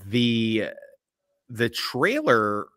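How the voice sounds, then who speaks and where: A man's voice: medium pitch, very animated, drawn-out words, a bit bright, no echo, clean studio sound. A man hosting a casual podcast chat, rambling and cursing freely while he gives blunt opinions. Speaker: podcast host. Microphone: remote call mic.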